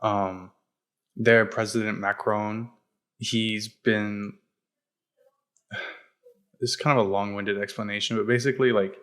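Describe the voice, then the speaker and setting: Blunt low-voiced young man. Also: fairly even intonation, slow pace, pauses often, a bit bright. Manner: blunt and profane, with unsure hedging. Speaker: podcast co-host. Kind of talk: casual chat.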